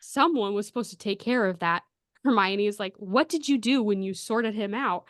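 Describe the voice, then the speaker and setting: A woman podcast host chatting casually, retelling a story in an animated way with lots of laughs. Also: medium pitch, moderate pace. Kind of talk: casual chat.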